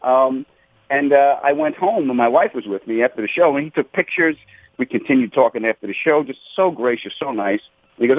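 A man tells comedy-club stories as an interview guest, jumping his voice up whenever he acts out what someone said. He comes through a tinny phone line with a husky, dry sound. His pitch sits in a middle range. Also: a little fast, no echo. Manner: animated, acts out quotes with big pitch jumps. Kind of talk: storytelling in a radio interview.

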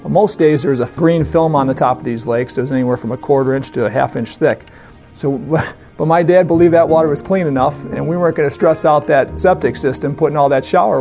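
A man telling a funny story from his youth in a casual, animated way, laughing often and acting out the voices of others. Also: a little high. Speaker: storyteller guest. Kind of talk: casual anecdote.

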